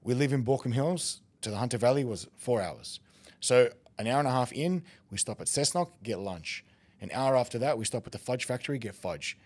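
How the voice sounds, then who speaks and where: An Australian man on a podcast, telling a story with plenty of energy. He laughs often and acts out the other people in it. His voice sits at an ordinary pitch for a man. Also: lively intonation, fairly quick, a little mellow. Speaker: podcast guest, competitive eater. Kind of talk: casual storytelling chat.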